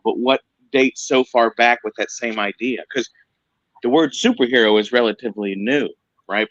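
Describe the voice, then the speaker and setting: A man's voice: medium pitch, fairly bright tone, dry recording. A man co-hosting a casual chat show, talking in a chatty, joking way and swearing now and then. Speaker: podcast co-host. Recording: dull, dry lo-fi sound.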